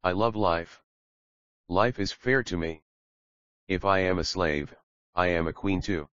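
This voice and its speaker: A devoted young woman begs tenderly and submissively, as a male reader voices her. The voice stays deep and low. The sound is dry and dull, like a plain audiobook recording. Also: measured pace, a bit bright, clear, resonant tone, dry recording. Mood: imploring. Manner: imploring, tender.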